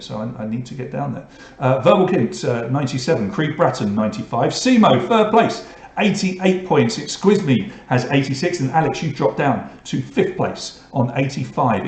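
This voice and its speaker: A British man running a live pub quiz online, with a slightly high voice. He chats between questions and reads out the answer options and the scores. The room sounds echoey. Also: a little mellow. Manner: chatty, reads out options and scores, teases players.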